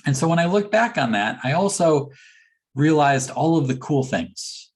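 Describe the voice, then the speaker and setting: Man telling a lively keynote story. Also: on the high side, moderate pace, husky. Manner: animated storyteller who acts out dialogue. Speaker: motivational speaker.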